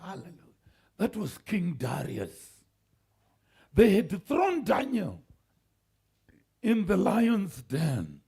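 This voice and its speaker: A man preaching a sermon, calling out to the congregation, shouting and laughing as he goes. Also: high voice, takes it slowly, creaky, long pauses, slightly rough. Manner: animated preaching with shouts, laughs and call-and-response. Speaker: pastor. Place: church sanctuary.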